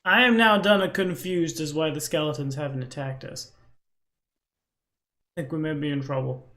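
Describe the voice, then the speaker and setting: A man playing a tabletop role-playing game, chatty and excitable, who reads rules aloud quickly. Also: a little high. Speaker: player. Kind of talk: tabletop game play over voice chat.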